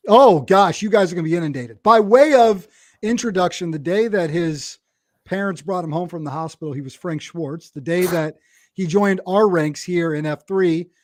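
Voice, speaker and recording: High-voiced chatty podcast host. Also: male voice, normal speed, dry recording, studio quality. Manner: chatty, laughs easily, talks in long run-on sentences. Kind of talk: casual podcast chat.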